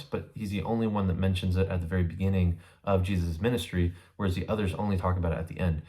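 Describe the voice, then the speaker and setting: A man with a low, darkish voice leads a casual, conversational Bible study. As a Bible teacher explaining a passage, he often checks in with his listeners.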